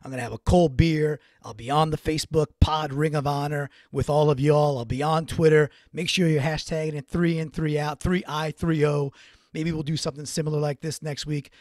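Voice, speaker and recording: A man's voice: a little high, steady tone, fairly quick, darkish tone, no echo, clean studio sound. A man hosting a solo sports recap podcast, talking in a casual, rambling way with restarts. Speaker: podcast host.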